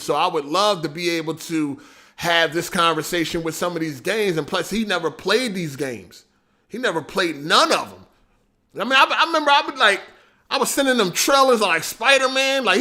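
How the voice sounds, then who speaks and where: Man, livestream host, casual slangy talk, profane, high-pitched, bright forceful tone. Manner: animated, profane, slangy storytelling. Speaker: podcast host.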